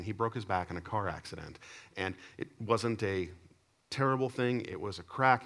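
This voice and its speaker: Lower-voiced man preaching with lively storytelling. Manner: lively storyteller, swings between loud emphatic and low quiet delivery. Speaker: pastor. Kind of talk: sermon with storytelling.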